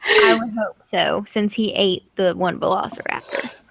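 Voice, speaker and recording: A woman narrating and refereeing a tabletop role-playing game in a casual, relaxed way. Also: medium pitch, measured pace, gravelly, a little hiss or hum. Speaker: game master.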